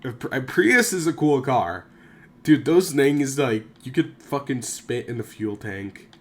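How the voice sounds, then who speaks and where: A man's voice: medium pitch, very animated, unhurried. A young man rambling casually to camera, swearing often, drifting off topic and poking fun at himself. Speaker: YouTuber.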